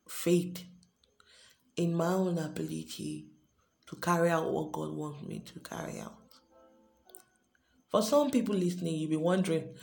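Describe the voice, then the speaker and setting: A woman talks slowly and earnestly on her devotional podcast, her voice low and warm. She often repeats herself, and the room is echoey with faint music underneath. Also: creaky. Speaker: podcast host. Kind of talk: unscripted devotional podcast talk.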